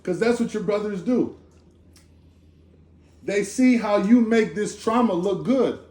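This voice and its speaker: A man giving an informal, animated sermon at a holiday gathering, talking in a conversational, slangy way with lots of asides. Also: high voice. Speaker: speaker giving a Torah talk. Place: Sukkot gathering in a room. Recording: echoey room.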